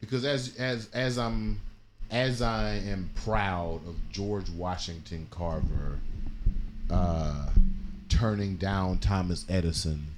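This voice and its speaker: A man hosting a casual live-stream chat, animated and dramatic, laughing often. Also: sits low, takes it slowly, background noise. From Dayton, Ohio family. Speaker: host.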